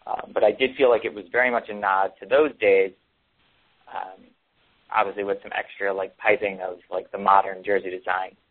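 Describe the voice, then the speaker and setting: A man's voice: on the low side, little pitch movement, normal speed. A man co-hosting a casual sports talk show, rambling with many ums and restarts. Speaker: podcast co-host. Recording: tinny phone-like sound.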